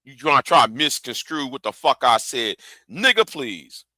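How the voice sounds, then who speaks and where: A man's voice: medium pitch, lively intonation, moderate pace, pushed and bright, dry recording. A man hosting a livestream, ranting angrily and profanely, often repeating himself and stumbling over words. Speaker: livestream host. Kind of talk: heated livestream rant.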